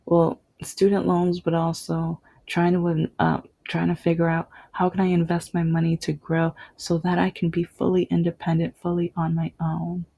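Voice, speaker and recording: A woman's voice: lowish voice, completely flat delivery, normal speed, vocal fry, hardly any pauses, dark tone, slightly rough, no echo. A young woman telling a personal story, rambling with restarts and dropping to a whisper at tender moments. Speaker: vlogger.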